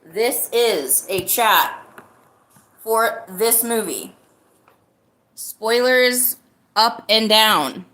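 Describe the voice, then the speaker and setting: A woman's voice: a little high, lively intonation, extremely slow, pauses often, sharp tone, echoey room. A woman hosting her own live-stream podcast, talking casually and greeting viewers in the chat. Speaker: livestream podcast host.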